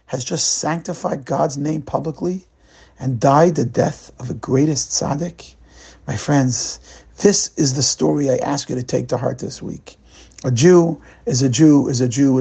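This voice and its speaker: Gravelly-voiced rabbi telling a story. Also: male voice, medium pitch, warm tone. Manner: slow, dramatic storytelling. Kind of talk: storytelling sermon.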